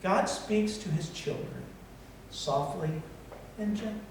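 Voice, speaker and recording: Middle-aged male pastor, high-pitched and blunt, recorded far off in an echoey church hall. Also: slow pace, a little hiss or hum. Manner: blunt, swings from loud to soft. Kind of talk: sermon. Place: church sanctuary.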